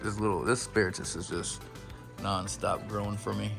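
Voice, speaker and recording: Young male plant vlogger, playful and slangy, low gravelly tone. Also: level tone, normal speed, over music. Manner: playful, hyped, slangy, breaks into silly voices. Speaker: plant collector showing his collection. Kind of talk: casual plant tour vlog.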